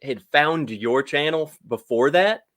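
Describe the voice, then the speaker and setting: Playful man with a fairly high voice. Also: lively intonation, unhurried, fairly bright tone. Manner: teasing, playful, mock-suspicious banter. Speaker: guest reviewer on a livestream. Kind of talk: casual livestream chat.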